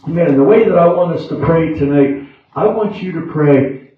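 A man preaching an evening church sermon and leading prayer, with a preaching cadence that sinks into hushed low passages and climbs into fervent appeals. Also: moderate pace. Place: church sanctuary. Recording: echoey room from far off, dull sound.

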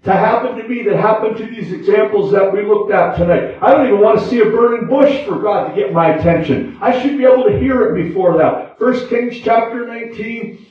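A high-voiced man preaches an evening sermon in a church sanctuary. He is picked up from well back in a very echoey room, and the sound is dull and muffled. His cadence drops to hushed low passages and lifts into fervent prayer. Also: brisk, recorded from a distance.

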